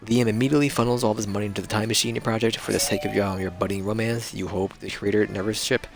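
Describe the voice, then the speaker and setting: A man's voice: fairly low pitch, fairly even intonation, fast talker, vocal fry, over music. A man reading game text aloud on a live stream, casual and joking. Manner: casual, joking, playful narration. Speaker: streamer playing a dating game.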